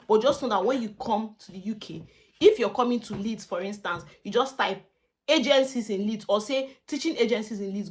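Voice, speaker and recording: A young Nigerian woman talks straight to camera, giving friendly practical tips to students. She rambles, repeats phrases for emphasis and drops in pidgin. Her voice sits at a medium pitch. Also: a bit bright. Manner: chatty, repeats herself, mixes in pidgin asides. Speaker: student vlogger. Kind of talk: casual advice vlog.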